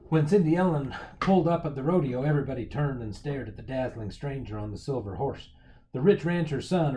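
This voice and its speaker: A man reading a picture book aloud as a storyteller, with lively, expressive storytelling. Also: mid-range voice, a little hiss or hum, poor audio.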